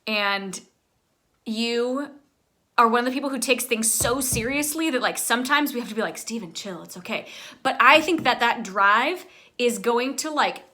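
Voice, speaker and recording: Woman, choir teacher, rambling heartfelt farewell, bright tone, somewhat high. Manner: warm, rambling, filler-heavy, chatty. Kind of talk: heartfelt farewell messages to graduating students.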